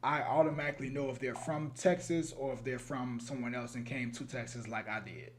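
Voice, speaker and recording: A man's voice: mid-range voice, steady tone, brisk, a little hiss or hum. Rambling chicago guy chatting. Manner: rambling, laughing, many restarts. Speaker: podcast co-host. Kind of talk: casual chat.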